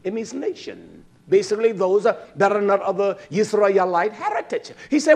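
A man preaching with fire, cursing and swinging from shouts to hushed asides. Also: high-pitched, animated, moderate pace. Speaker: religious teacher. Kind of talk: impassioned preaching.

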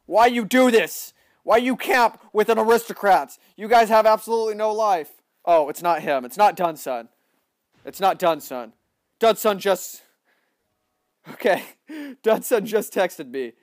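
A young man giving excitable live commentary on a shooter game, often yelling at opponents. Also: high voice, a little slow, no room sound, studio quality. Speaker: livestreaming gamer.

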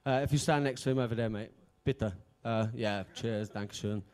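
A man's voice: mid-range voice, moderate pace, darkish tone, clean tone. A man emceeing a live beatbox event on stage, chatty and joking as he hypes the crowd. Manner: hyping the crowd, chatty and jokey. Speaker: event host.

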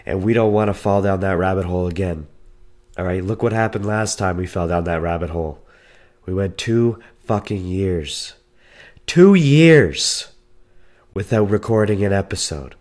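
Sick hoarse man hosting a podcast. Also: deep voice, moderate pace, darkish tone. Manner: self-deprecating, swears casually. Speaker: podcast host. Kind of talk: casual solo podcast talk. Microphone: podcast mic.

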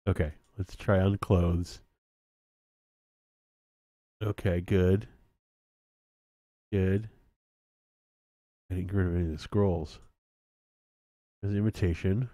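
A man talks through his game stream in a loose, self-mocking way, often laughing at his own mistakes. His voice sits a little low and he takes his time. The sound is dry and close. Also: slow pace, pauses often, darkish tone, dry recording. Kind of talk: casual gameplay commentary.

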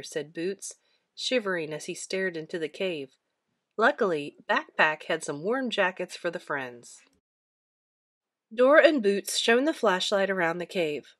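A woman reads a children's picture book aloud in a storybook style. Her pitch rises and falls a lot as she shifts into the characters' voices. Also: unhurried. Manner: lively, expressive character voices.

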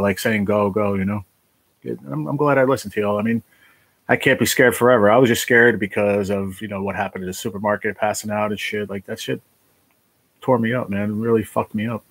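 Man, laid-back stream host, husky and lowish, rambling chat with viewers. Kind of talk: casual live chat. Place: basement room.

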